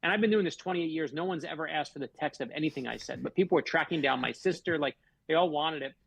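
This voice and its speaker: A man's voice: a little high, fast, vocal fry, a bit bright, husky, dry recording. A middle-aged man from Florida, an author guest telling stories in a radio interview with heartfelt, emphatic delivery. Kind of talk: earnest storytelling in a radio interview.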